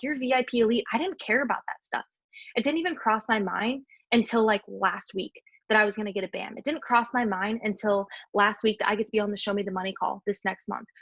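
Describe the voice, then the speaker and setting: A young woman on a group call, giving an emotional, heartfelt testimony to her team, talking fast and filling her sentences with "like". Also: medium pitch, a bit bright, dry recording, dull audio. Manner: fast, heartfelt, filler-heavy with frequent "like".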